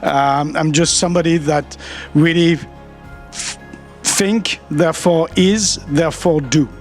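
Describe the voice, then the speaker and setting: A man's voice: a little high, fairly even intonation, slow pace, soft background music. A man from France with a French accent, giving a chatty, playful, self-mocking conference talk in a large auditorium. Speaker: conference speaker.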